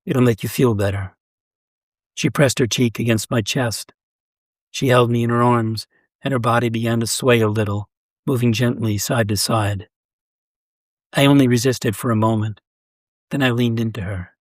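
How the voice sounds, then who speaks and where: A man narrates a first-person short story in a measured, steady way. His voice sits at a middling pitch. The recording is close and dry, with no room sound. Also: no echo. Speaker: story reader.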